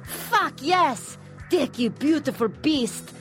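A man's voice: extremely high pitch, lively intonation, slow, a bit bright, faint music behind, pitched above the performer's own voice, exaggerated voice. A man voicing a breathless, crude woman in a mocking read of an audio story. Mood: lusty. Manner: breathless, crude, over the top. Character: moaning female poodle lover, mid-twenties.

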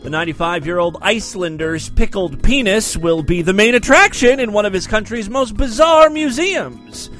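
A man's voice: sits high, moderate pace, hardly any pauses, a bit bright, faint music behind. A man hosting a show, reading odd news stories aloud with sarcastic jokes, stumbling over foreign names. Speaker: podcast host.

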